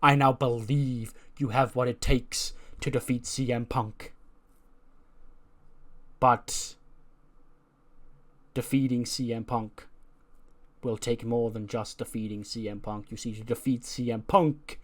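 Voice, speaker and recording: A man doing a calm persuasive wrestling leader. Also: mid-range voice, a little slow, pauses often, natural voice.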